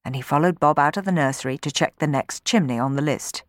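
A woman narrating a children's story from a book in an expressive, dramatic reading. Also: deep voice, fast, no echo, studio quality.

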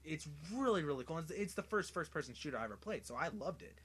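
A young man co-hosting a casual podcast about video games, excitable and laughing often as he tells stories. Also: fairly high pitch, fast, husky. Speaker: podcast co-host.

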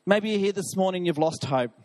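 A man's voice: high-pitched, lively intonation, a little fast, a little mellow. A male pastor preaching an impassioned sermon, reading scripture with emphasis.

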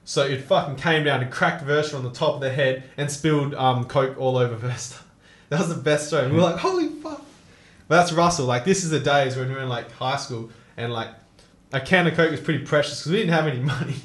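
A man's voice: medium pitch, fast talker, a bit bright. Swearing young man, echoey room. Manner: laughing, swearing storyteller. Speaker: co-host. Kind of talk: casual chat.

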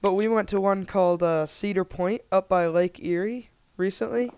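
A man's voice: high voice, normal speed, darkish tone, clean tone, no room sound. Casual rambling man, jokey banter, dry close recording. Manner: rambling, jokey, lots of fillers. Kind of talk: casual chat. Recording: dull, slightly lo-fi dry mic.

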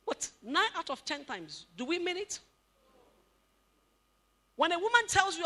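A woman giving an animated talk at a couples' marriage seminar, questioning the audience and acting out what spouses say. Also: extremely high pitch, normal speed. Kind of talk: lively motivational talk to an audience.

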